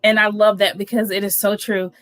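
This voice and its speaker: A woman's voice: medium pitch, little pitch movement, brisk, a bit bright, dry recording. A woman guest on a podcast in casual chat, frank and sometimes searching for words.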